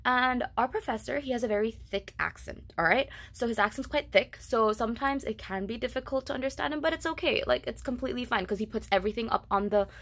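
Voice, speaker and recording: Young woman venting to camera, first language Tamil; fast, fed-up, chatty rant. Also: on the high side. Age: young adult. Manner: animated, exasperated ranting with frequent "like" and "okay". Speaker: vlogger. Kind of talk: casual ranting vlog.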